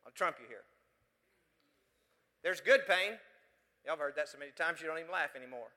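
A man's voice: a little high, a little fast, sharp tone, in a large hall. A pastor from West Texas, preaching a sermon full of emphatic rhetorical questions to his congregation.

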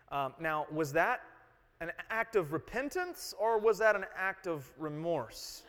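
A man's voice: on the high side, animated, unhurried, a bit bright, slight background noise. A man in his thirties preaching a sermon, earnest, explaining and repeating key phrases and putting questions to the congregation. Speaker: pastor. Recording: long hall reverb.

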